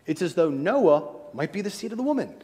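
A man delivering a sermon, building to emphatic high points and then dropping quiet and low. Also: sing-song, fairly quick. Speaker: preacher. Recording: long reverb of a large hall.

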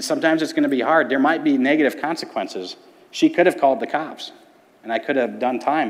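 A man in his thirties, a youth pastor, telling his personal testimony from a church stage with earnest, paced storytelling. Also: mid-range voice. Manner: earnest storytelling with dramatic pauses. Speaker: middle school ministry pastor. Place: church sanctuary. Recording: long church hall reverb.

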